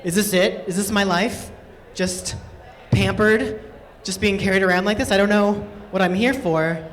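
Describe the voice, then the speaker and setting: A woman's voice: mid-range voice, normal speed, lightly acted. Lady doing a confused little handbag terrier, dazed, echoey hall. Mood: bewildered. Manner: dazed, wondering. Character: pampered little terrier dog, bewildered. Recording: long stage hall reverb.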